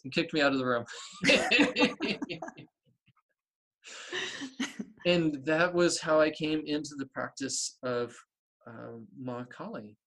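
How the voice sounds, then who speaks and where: Animated middle-aged man telling a story. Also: a little slow, long pauses. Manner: animated storyteller, acts out dialogue with big pitch jumps. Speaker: guest, artist and spiritual practitioner. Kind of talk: storytelling interview talk.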